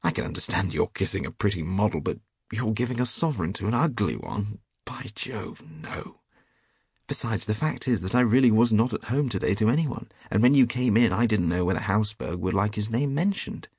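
A worldly painter with a drawling, teasing manner, read by a man. The voice is low and husky. The reading is dry and close. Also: expressive, a little fast, darkish tone, no room sound.

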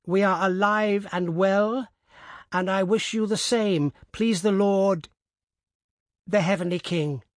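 An anxious, sharp-tongued old peasant woman from an audiobook story, spoken high and pleading, as a male narrator puts her on. The voice sounds close and dry. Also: steady tone, slow, dry recording. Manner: raised pitch, pleading and tearful.

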